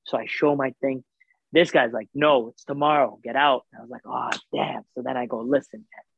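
A man telling a story in casual chat, animated, acting out the voices of the people in it, with lots of fillers. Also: medium pitch, a little fast, gravelly, husky, no echo. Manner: animated, acts out quoted voices, filler-heavy. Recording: tinny phone-like sound.

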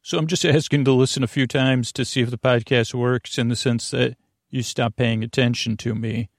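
A man hosting a sleep podcast, talking in a slow, meandering bedtime monologue that keeps drifting off topic and interrupting itself. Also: mid-range voice, steady tone, no echo, studio quality. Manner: meandering, self-interrupting, soft-spoken.

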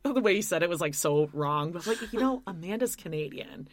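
A woman's voice: lowish voice, animated, quick pace. A woman co-hosting a podcast, chatting and gossiping with easy laughter. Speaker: podcast co-host. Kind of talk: casual chat.

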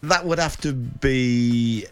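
A man's voice: mid-range voice, slow, fairly bright tone, faint music behind. A man in his seventies with a Sheffield accent, chatting as a radio guest, rambling and telling anecdotes. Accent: Sheffield, Yorkshire. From England. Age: 70s. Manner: chatty and rambling, with dialect grammar. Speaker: football manager guest. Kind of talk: casual radio chat.

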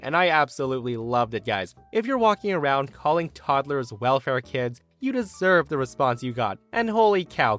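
Animated male story narrator. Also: fairly high pitch. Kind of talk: reading online stories aloud.

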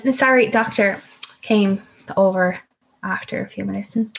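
A woman's voice: medium pitch, steady tone, normal speed, fairly bright tone, slightly rough, low-quality recording. A young woman telling a personal story in a vivid way, acting out the voices of the people in it.

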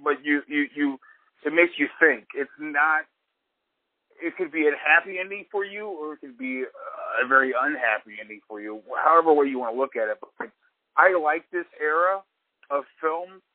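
A man's voice: fairly high pitch, moderate pace, dry recording. Cursing opinionated guy rambling on a podcast, thin phone-ish audio, super dry. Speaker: podcast co-host. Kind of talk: casual film chat. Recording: dry tinny phone-like line.

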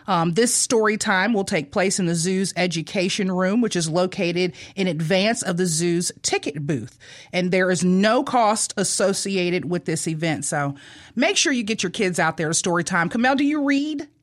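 A woman's voice: on the low side, normal speed. A woman co-hosting a radio show, reading announcements and teasing her co-hosts with a laugh. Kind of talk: casual radio chat.

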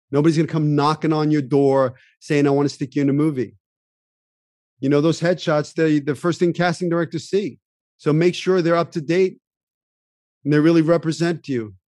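A man's voice: fairly high pitch, darkish tone, dry recording, clean studio sound. A man hosting a podcast, giving an emphatic, preachy pep talk straight to the listener. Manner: speaks to listener directly. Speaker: podcast host and acting coach.

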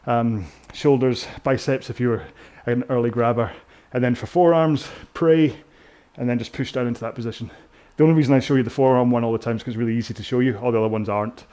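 A man's voice: mid-range voice, darkish tone. A British man coaching a rowing workout indoors, chatting in a rambling, self-mocking way with jokey asides. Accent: British English.

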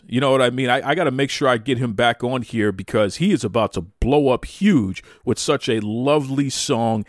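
A man hosting a wrestling talk show, excitable and playful, hyping people up with exaggerated praise. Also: medium pitch, no echo, clean studio sound. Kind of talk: hyped casual podcast talk.

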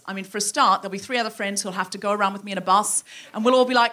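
A woman from Australia telling a comic story on a theatre stage, acting out the voices of the people in it with lively energy. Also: mid-range voice, very fast, few pauses. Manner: animated, acts out quoted voices. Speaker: comedian. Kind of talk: stand-up storytelling. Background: audience laughter.

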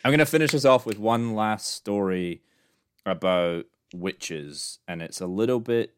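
Deep-voiced man telling a story. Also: unhurried, clean tone. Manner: jokey, laughs between facts, many ums. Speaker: podcast co-host. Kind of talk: casual storytelling chat.

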